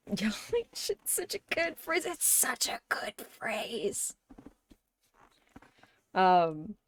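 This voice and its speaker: A woman streamer chatting casually, her voice sitting a little low and her speech unhurried. She rambles and thinks aloud, dropping the odd casual swear, close and dry on the mic. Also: no echo. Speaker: live streamer. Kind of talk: casual chat on a game stream.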